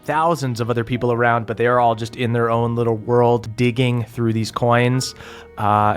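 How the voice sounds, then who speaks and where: A man guiding players through a tabletop adventure as game master. His narration is relaxed and full of fillers. His pitch sits in a middle range.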